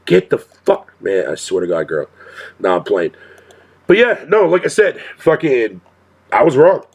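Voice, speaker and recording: A man's voice: mid-range voice, big pitch swings, measured pace, creaky, slightly rough. A male streamer talking casually to his chat in a profane rant, swearing constantly and laughing often.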